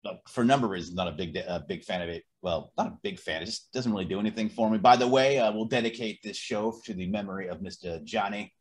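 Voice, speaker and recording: A lower-voiced man talking fast in a casual podcast chat. His voice has a husky edge. He is blunt and swears often. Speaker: podcast co-host.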